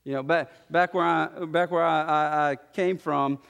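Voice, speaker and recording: High-voiced preacher in a reverberant hall. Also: male voice, moderate pace, vocal fry, clear, resonant tone. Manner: animated, acts out quoted voices. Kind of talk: sermon.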